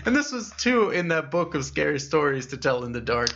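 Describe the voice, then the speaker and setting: Male co-host, mid-pitched voice, easygoing and quick to laugh, dull lo-fi recording. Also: very animated, vocal fry, a bit bright. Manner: laughs often, reacts with drawn-out "oh"s. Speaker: podcast co-host. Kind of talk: casual chat, storytelling. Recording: dull lo-fi podcast audio.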